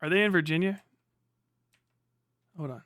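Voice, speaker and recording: A man streaming live, reacting to a video with profane, excitable, rambling commentary. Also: a little high, moderate pace.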